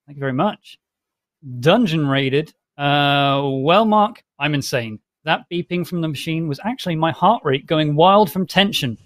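A man hosts a relaxed livestream, reading viewers' donation messages one after another. His voice sits a little high and sounds close and dry, as if recorded in a small studio. He laughs easily between messages. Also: no echo. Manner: reads messages aloud with quick laughs. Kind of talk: casual livestream chat.

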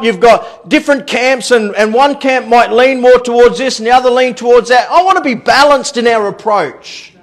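High-pitched animated male pastor. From Australia. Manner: animated, repeats words, laughs at his own stories. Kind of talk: sermon. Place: church.

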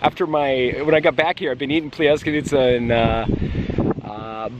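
A man in his forties from the United States, chatting casually and excitably as he walks and vlogs outdoors, out of breath on a climb. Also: mid-range voice, normal speed, highs cut off. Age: 40s. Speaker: travel vlogger. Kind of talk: casual walking vlog. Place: outdoors in a windy town and hillside. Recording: wind noise on outdoor mic.

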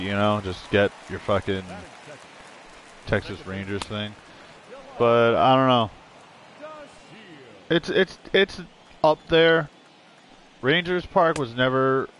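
A man's voice: mid-range voice, unhurried, pauses often, fairly bright tone. A man giving casual, rambling commentary while playing a video game, blunt and full of swearing. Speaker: gaming streamer. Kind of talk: casual let's-play commentary.

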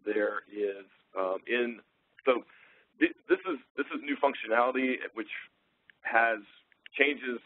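A man presenting a technical webinar, relaxed and full of ums and uhs as he thinks aloud. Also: mid-range voice, takes it slowly, pauses often, no room sound. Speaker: webinar presenter, sales engineer. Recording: tinny phone-line audio.

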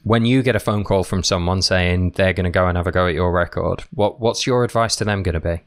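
A man's voice: low-pitched, brisk. A man hosting an endurance sports interview podcast, asking encouraging questions. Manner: warm, encouraging questions with restarts. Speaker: podcast host.

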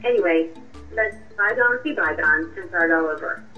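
A woman's voice: lowish voice, normal speed, lightly acted. Woman voicing a cutting, confrontational girlfriend, muffled. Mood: triumphant. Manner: cutting, accusing, coolly triumphant. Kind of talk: radio drama acting. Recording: muffled distant voice with music.

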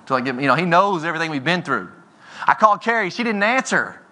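A man in his forties giving a motivational keynote speech from a conference stage, telling stories with energy and often rising in pitch and volume. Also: very animated, quick pace, bright, forceful tone. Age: 40s. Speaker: keynote speaker. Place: conference stage before an audience.

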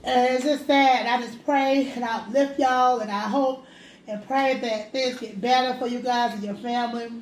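A woman's voice: a little high, fairly even intonation, normal speed. A woman hosting a casual home mukbang, talking in an earnest, heartfelt, rambling way. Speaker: host. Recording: echoey room with light noise.

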